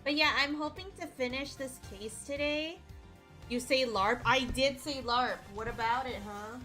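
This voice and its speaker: A woman streamer with a high, bright voice chats casually with her viewers. She is playful and teasing and breaks into giggles often. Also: measured pace, soft background music.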